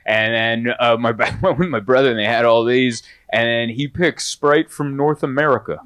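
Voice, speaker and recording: A man performing a stand-up comedy set, animated and swinging into high, exaggerated bits. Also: normal speed.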